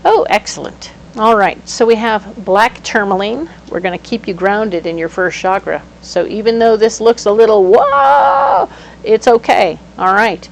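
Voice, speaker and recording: A woman giving a casual tarot reading, animated and playful, breaking into sudden exclamations. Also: mid-range voice, normal speed, hardly any pauses, slight background noise, poor audio. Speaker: tarot reader.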